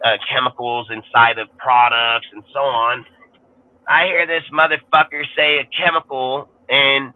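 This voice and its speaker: A man ranting on a sports podcast panel, swearing constantly and rambling heatedly in casual talk. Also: mid-range voice. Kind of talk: profane casual rant. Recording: tinny phone-like line.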